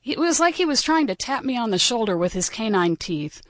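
A woman's voice: fairly high pitch, sing-song, a little fast, no room sound. Wry woman telling a dog story. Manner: dry, wry humor. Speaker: guest storyteller. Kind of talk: personal storytelling.

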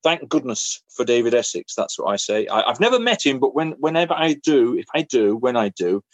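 A man's voice: mid-range voice, brisk, dry recording. A man spins a personal anecdote in casual conversation. He tells it with energy and slips into voices for the people in his story. The recording is close and dry, with almost no room sound. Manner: lively, acts out other people's lines in voices. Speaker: interview guest.

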